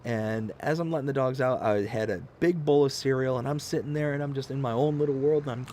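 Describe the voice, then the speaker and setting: A man in his thirties telling stories on a casual live game stream, animated and self-mocking. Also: mid-range voice, fairly quick, a little hiss or hum.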